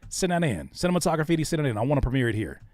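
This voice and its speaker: Fairly high-pitched and sing-song, this male host races along in a slightly mellow tone, with no room sound. He keeps things laid-back on his live stream, chatting casually and addressing his chat directly.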